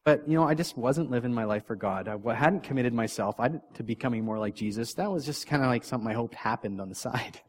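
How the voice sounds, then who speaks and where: A mid-pitched man preaching in a relaxed, conversational way, as if chatting with his congregation. He laughs at himself often and trips into restarts, and his voice drops to near-murmured asides before rising to emphatic points. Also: fast talker, hardly any pauses. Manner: frequent restarts, loudness swings from soft to punchy. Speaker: pastor; father of three young kids. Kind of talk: casual conversational sermon.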